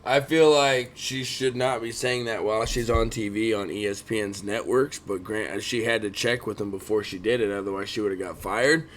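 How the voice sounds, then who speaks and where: A man in his thirties co-hosting a casual sports chat, talking fast and swearing often. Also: lowish voice. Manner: profane, animated, keeps complaining he yawns. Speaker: podcast co-host.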